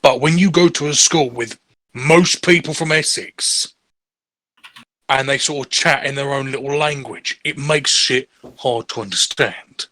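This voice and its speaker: A man's voice: medium pitch, measured pace, sharp tone. English man, tabletop player on break, rambling joker, mid-range voice. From England. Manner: joking, rambling and laughing at his own lines. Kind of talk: casual chat during a streamed game break.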